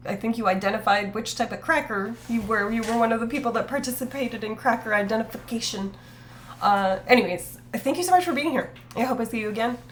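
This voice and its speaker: Woman streamer, casual rambling chat, mid-range voice, faint hum underneath. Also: mid-range voice. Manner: rambling, many fillers and self-corrections; reads chat aloud and reacts.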